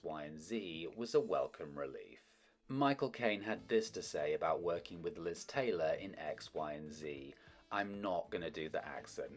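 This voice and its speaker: Brief: low-pitched male host, scripted narration, wry asides. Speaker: host of a film history channel.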